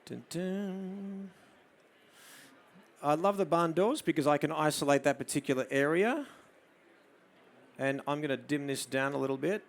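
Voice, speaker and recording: A man with an Australian accent giving a live photography demo, explaining his camera settings and coaxing a model with soft murmured praise. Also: a little high, fairly quick, vocal fry. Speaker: photography presenter. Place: studio demo before an audience.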